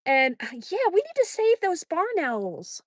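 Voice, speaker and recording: A woman's voice: very high-pitched, huge pitch swings, unhurried, no room sound, clean studio sound. A woman hosting a live stream on a morning walk outdoors, chatting with viewers, reading their comments aloud and baby-talking to her dog. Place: outdoors at a mountain park.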